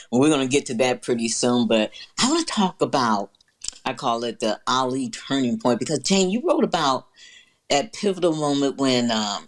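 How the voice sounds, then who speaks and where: A woman hosting a talk show who interviews her guest and backs her up with frequent affirming murmurs. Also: very deep voice. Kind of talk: conversational interview.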